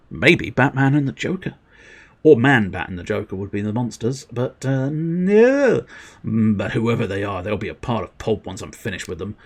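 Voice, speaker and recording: A man's voice: fairly low pitch, vocal fry, husky. Chatty man streaming a game. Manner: chatty, rambling, giggly asides. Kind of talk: casual gameplay livestream chat.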